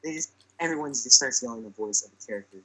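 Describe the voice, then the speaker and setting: A man's voice: medium pitch, fast, pushed and bright, husky, rough recording. A young man telling a comic story on a podcast in a chatty way, full of fillers, and acting out the lines he quotes.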